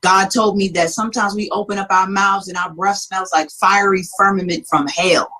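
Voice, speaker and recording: A woman with a husky, breathy voice talks through her stories in a relaxed talk-show chat. She is chatty and warm-toned in delivery, laughing between thoughts as she describes her books. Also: medium pitch, normal speed. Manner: chatty storytelling with frequent laughter. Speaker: author and guest.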